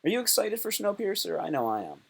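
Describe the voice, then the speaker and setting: A man hosting a casual live stream, excitable and rambling, often breaking off mid-thought. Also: high-pitched, fast, gravelly, husky.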